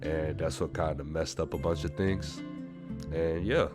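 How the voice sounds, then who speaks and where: A man with a very deep voice gives reaction commentary, breaking down clips and mocking what was said. Guitar music plays clearly behind him. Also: steady tone, measured pace. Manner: breaks down clips, mocks quotes. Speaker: commentary youtuber. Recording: loud background music.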